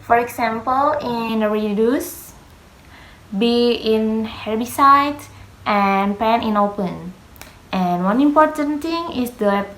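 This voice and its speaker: A young woman whose first language is Indonesian, a student giving a class presentation on pronunciation, slow and halting, carefully spelling out words. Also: a little high. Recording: echoey room.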